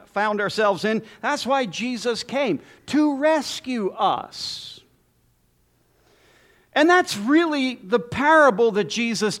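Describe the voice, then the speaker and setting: A man preaching a sermon as pastor, emphatic with dramatic pauses and lists. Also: high-pitched, a bit bright.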